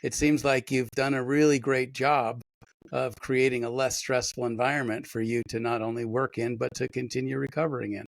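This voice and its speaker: A man's voice: medium pitch, little pitch movement, normal speed, creaky, no echo. A man hosting an interview over a video call, speaking in a supportive and reflective way. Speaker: host. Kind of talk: conversational interview.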